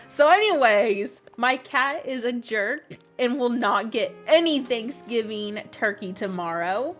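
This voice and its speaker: A woman's voice: on the high side, animated, unhurried, fairly bright tone, faint music behind. A woman live streaming a game, chatting casually, rambling and laughing often as she jokingly complains about her pets. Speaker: gaming streamer.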